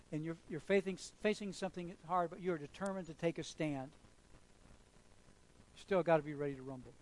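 A male pastor preaching a storytelling sermon. He repeats phrases for effect, in a voice that sits a little high. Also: poor audio.

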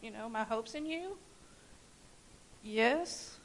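Animated woman sharing a church testimony. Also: a little high, slow, low-quality recording. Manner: animated storytelling with laughs. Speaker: church member giving testimony. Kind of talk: personal testimony. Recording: faint hiss.

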